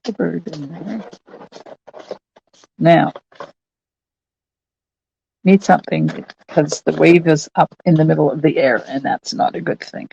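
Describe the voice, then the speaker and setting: Canadian woman, crafting host, slow, gravelly and husky voice, chatty step-by-step narration. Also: deep voice, fairly even intonation, warm tone, dry recording, muffled recording. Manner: chatty, talks through each step while working. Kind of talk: casual crafting tutorial narration.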